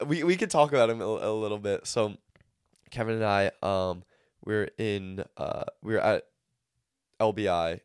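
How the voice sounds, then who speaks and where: A man's voice: fairly low pitch, unhurried, smooth, dry recording. Laid-back young man, dry close sound. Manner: laid-back slang, frequent "bro", swearing. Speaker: podcast co-host. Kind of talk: casual chat.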